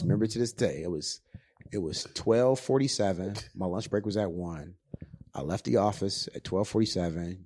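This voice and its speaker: A man's voice: sits low, a little mellow, no room sound, studio quality. A man in his forties telling stories as a podcast guest in a loose, profane way, full of fillers. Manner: loose and profane, with many fillers and acted-out quotes. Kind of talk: casual storytelling.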